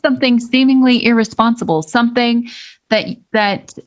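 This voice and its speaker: A woman's voice: a little high, fairly even intonation, normal speed, highs cut off. A woman co-hosting a podcast who explains ideas thoughtfully in casual conversation and stresses key words. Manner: thoughtful, explains ideas with frequent restarts and emphasis. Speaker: podcast co-host.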